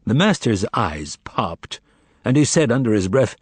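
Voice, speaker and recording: Low-voiced man narrating an audiobook. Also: normal speed, slightly rough, no echo. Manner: expressive, dramatic reading. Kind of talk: scripted narration.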